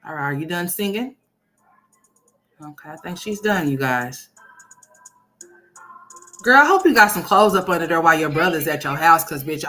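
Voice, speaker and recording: A woman from Oklahoma hosting a commentary stream, ranting brashly with a lot of profanity. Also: deep voice. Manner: brash, profane, loud sassy rants. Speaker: commentary host. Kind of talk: livestream commentary on a reality video.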